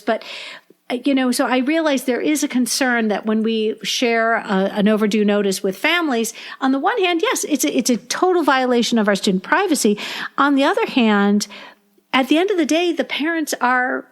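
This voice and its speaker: A woman school librarian with a high, bright-sounding pitch talks on a podcast. She tells stories with animation, acting out parents' complaints. She often trips over and restarts her sentences as she goes. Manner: frequent restarts and repeated words. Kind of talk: podcast conversation.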